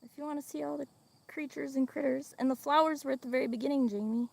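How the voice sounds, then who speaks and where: A chatty woman with a Midwestern accent hosts a casual livestream while walking her farm, laughing easily and talking to her animals. Her voice has a gravelly, fry-laced edge. Insects and crickets chirp outside around her. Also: high voice, steady tone, fast, darkish tone. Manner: chatty, laughs often, talks to chat and animals. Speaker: livestream host. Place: outdoors on a farm.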